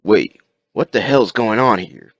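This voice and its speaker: A man voicing a frightened grown man who wakes into disaster, yelping and shouting in panic. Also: on the low side, animated, measured pace, no echo, voice pushed up. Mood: confused.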